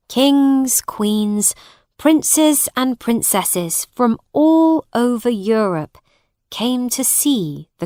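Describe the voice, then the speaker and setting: Very slow, expressive woman narrator. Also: medium pitch, dry recording, studio quality. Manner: deliberate, expressive reading with acted voices. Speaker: audiobook narrator. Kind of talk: slow, clear storytelling for English learners.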